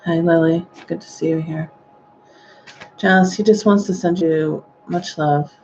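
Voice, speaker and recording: Woman psychic reading live, soft and halting, a gravelly edge, muffled lo-fi recording. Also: low voice, fairly even intonation, a little hiss or hum. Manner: gentle, hesitant, with sighing exclamations. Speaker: psychic medium.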